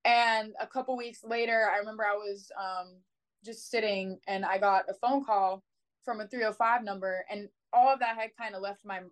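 A woman's voice: mid-range voice, normal speed, poor audio. Young woman, college sprinter guest, casual chatty storyteller. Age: young adult. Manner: chatty, animated, many "like" fillers.

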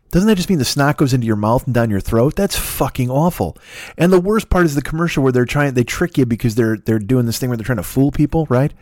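A man's voice: mid-range voice, a little mellow, no room sound, studio quality. A man in his fifties hosting a solo podcast, rambling, swearing and mocking himself. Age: 50s. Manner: profane, self-deprecating, rambling. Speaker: podcast host.

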